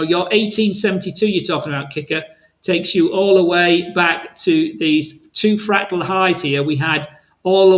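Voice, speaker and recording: A man with a high voice hosts a live trading Q&A, talking viewers through charts in a loose, rambling, friendly way. His voice sounds a little worn from long talking. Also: a bit bright, low-quality recording. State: voice tiring. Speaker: trading webinar host.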